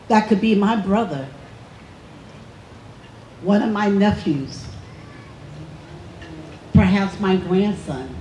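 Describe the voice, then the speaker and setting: A woman who leads a church community group, giving an impassioned speech at an outdoor rally with a slow, emphatic, repeating cadence. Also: medium pitch, a little mellow. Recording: echoey outdoor PA sound with faint traffic.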